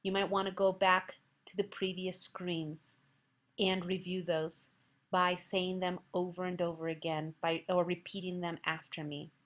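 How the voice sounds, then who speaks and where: A woman's voice: fairly low pitch, flat delivery, a little slow. A woman teaching Spanish in a recorded slide lesson, patient and encouraging, carefully pronouncing Spanish words and quizzing the listener. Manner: patient, encouraging, asks quiz questions to the listener.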